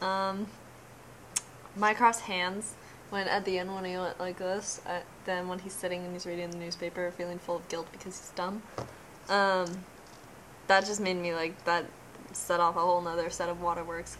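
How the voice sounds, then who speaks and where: Gushing young woman with faint hiss. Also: lowish voice. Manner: gushing, emotional, trailing off mid-sentence. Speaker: vlogger. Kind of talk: casual reaction vlog.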